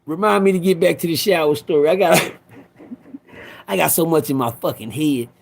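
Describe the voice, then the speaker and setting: A man's voice: on the high side, normal speed, creaky, noisy background. A middle-aged man telling a rambling, profane story to his live viewers, often breaking off to talk to them directly. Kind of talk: casual livestream storytelling.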